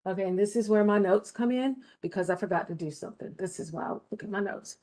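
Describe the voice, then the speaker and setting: A woman's voice: medium pitch, fast, warm tone. Patient woman teaching game design. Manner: patient step-by-step explaining, checks in with students. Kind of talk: recorded screen-share lesson.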